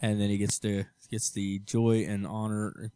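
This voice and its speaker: A man's voice: fairly low pitch, level tone, unhurried, warm tone, smooth, no room sound. A man in his thirties co-hosting a casual podcast with his wife, teasing and arguing in a joking, goofy way. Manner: jokey, teasing, argumentative. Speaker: podcast co-host. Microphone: studio mic.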